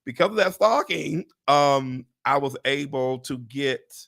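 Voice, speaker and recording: A man hosting a livestream chat, telling a story with excitement, acting out what people said, swearing and laughing often. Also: mid-range voice, unhurried, gravelly. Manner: animated, acts out quotes, swears, laughs often. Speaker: real estate agent and livestream host.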